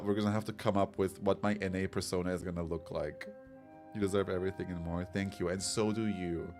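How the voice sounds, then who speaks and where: Deep-voiced chatty male streamer. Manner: chatty, rambling, reads chat aloud. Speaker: game streamer. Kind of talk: casual live-stream chat. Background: soft background music.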